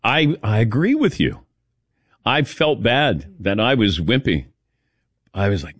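A man hosting a sports radio show, telling lively personal stories and acting out other people's lines. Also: on the low side, unhurried, husky, no echo, studio quality. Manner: animated storyteller, acts out quotes. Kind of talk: casual sports radio chat.

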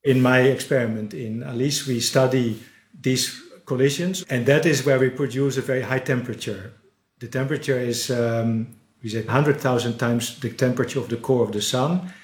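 A man who is a particle physicist, giving careful, measured explanations. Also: mid-range voice, fairly even intonation, husky.

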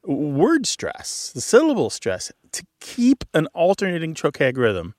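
A man's voice: a little high, huge pitch swings, a little slow, a little mellow, no echo, studio quality. A man hosting a call-in radio show, explaining word usage to a caller with enthusiasm. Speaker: host.

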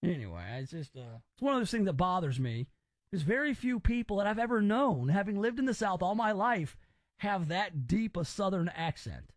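A man's voice: sits high, animated, normal speed, no echo, studio quality. A man from Memphis hosting a casual talk radio show, opinionated and rambling as he reacts to stories. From Memphis, Tennessee, US.

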